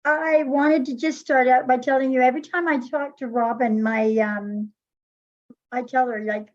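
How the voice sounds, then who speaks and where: A woman speaking as a panelist in an online webinar, excited and chatty over a video call. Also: high-pitched, moderate pace, highs cut off.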